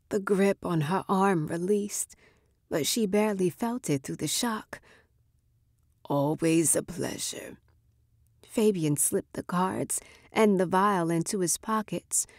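A woman narrating a short story in a measured, expressive reading. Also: mid-range voice, no echo, clean studio sound.

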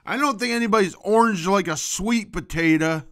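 A man delivering a rambling comedic monologue to camera as the host of his own show, swinging between loud outbursts and low muttering. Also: moderate pace. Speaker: vlogger.

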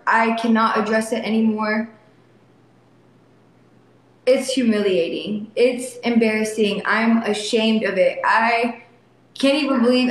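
A young woman in back pain talks to her livestream viewers, emotional and defiant, repeating herself. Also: fairly high pitch. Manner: soft baby talk to her son. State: in back pain while sitting. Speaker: livestream vlogger. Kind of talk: casual livestream talk to viewers. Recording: very echoey phone stream, faint noise.

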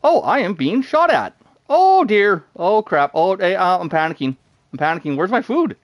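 An excitable man narrates his own gameplay, talking to himself with frequent bursts of laughter. His voice sits fairly high and swings widely in pitch. The recording is close and dry, with no room sound. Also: normal speed, no echo. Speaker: gaming streamer. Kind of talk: live game commentary.

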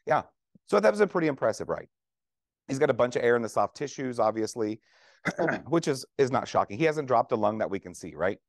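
A man with a medium-pitched, sing-song voice speaks fairly quickly, with no echo in the recording. A veteran trauma nurse, he gives a conference lecture to clinicians in a conversational, joking way, frequently quizzing the audience.

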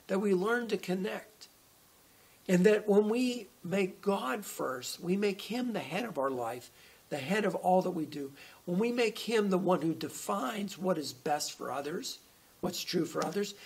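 A man's voice: sits high, creaky, husky. A man preaching a conversational online sermon as a pastor, often restarting his phrases as he talks. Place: church.

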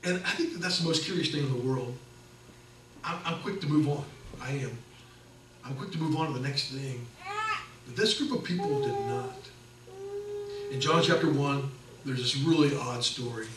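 A middle-aged man preaching a sermon as pastor, conversational and animated, acting out the people in his stories. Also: mid-range voice, moderate pace, pauses often, background noise. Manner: conversational, animated storytelling with acted quotes. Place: church sanctuary. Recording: echoey church from a distance.

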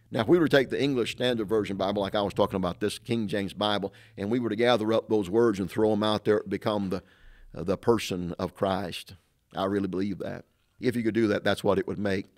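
A man's voice: fairly low pitch, fairly even intonation, fast talker. A middle-aged man, a pastor, giving a sermon-style talk, emphatic and repetitive, full of rhetorical questions.

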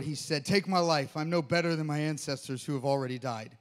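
A man's voice: on the high side, a little fast. A man preaching a sermon to his church, reading scripture and joking with the congregation. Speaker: pastor.

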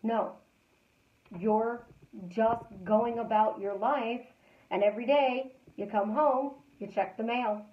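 Female life coach, slightly high voice, chatty and repetitive; roomy, muffled livestream audio. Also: fairly even intonation, slow pace. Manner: repeats affirmations, chatty storytelling. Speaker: life coach hosting a live stream. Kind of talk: casual motivational live-stream talk.

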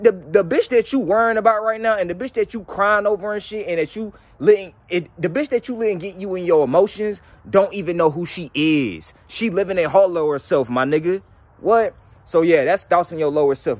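Profane animated young man, dry close sound. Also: on the high side, no echo. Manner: profane, animated, slips into mocking voices. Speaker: YouTube channel host. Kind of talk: casual spiritual monologue.

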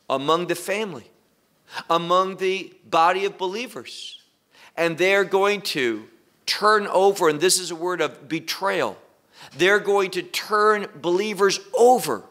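Slow, deliberate male Bible teacher. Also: high-pitched, fairly bright tone. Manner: deliberate, repeats key phrases for emphasis; asks listeners direct questions.

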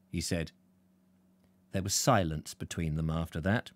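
A man's voice: low-pitched, lively intonation, moderate pace, dry recording. Guy reading a book live, chatty asides, dry close mic. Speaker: reader, host of live reading.

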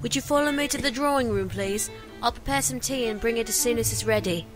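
A woman voicing a polite young maid who speaks softly and helpfully while reading a story game aloud. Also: a little high, fast, over music, natural voice.

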